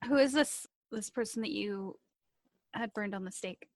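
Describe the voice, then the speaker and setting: A woman's voice: medium pitch, moderate pace, no room sound. A woman playing a tabletop game, making brief, practical remarks in the banter. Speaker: player.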